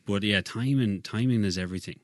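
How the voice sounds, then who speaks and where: A young Irishman with a rural Irish accent, chatting casually as a guest singer-songwriter and telling lively stories. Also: on the low side, a little fast, no room sound. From Ireland. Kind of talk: casual chat.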